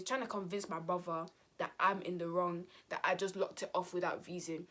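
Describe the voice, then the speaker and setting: A young woman telling a casual storytime vlog, slangy and animated. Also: fairly low pitch, fast, hardly any pauses. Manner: slangy and animated, acting out quotes. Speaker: vlogger.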